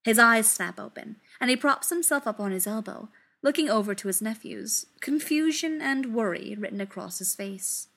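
A woman reading a story aloud in an expressive, unhurried way. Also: on the high side, creaky.

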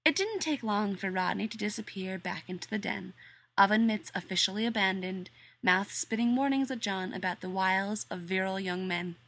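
A woman narrates a story aloud at a mid pitch. Her storytelling is even and measured, the steady pace of an audiobook reading. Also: dry recording.

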